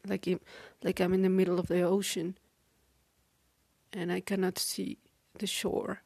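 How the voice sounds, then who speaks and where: A woman talking through a halting, weary personal diary monologue, with many restarts. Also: on the low side, monotone, creaky, darkish tone, breathy edge, dry recording. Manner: weary, downcast. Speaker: podcaster.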